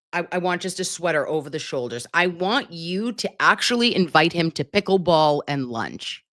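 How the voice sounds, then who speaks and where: A woman hosting a casual live stream, reading chat comments aloud in an animated, chatty way and swearing freely. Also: low voice, dry recording, clean studio sound.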